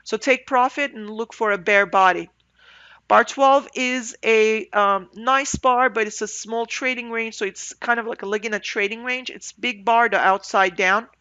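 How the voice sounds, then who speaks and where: Bright-voiced congested woman reviewing charts. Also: a little high, smooth, dry recording, highs cut off. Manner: thinking aloud, halting, with fillers. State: congested, breathing through the mouth. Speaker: day trader reviewing charts. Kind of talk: end-of-day market review commentary.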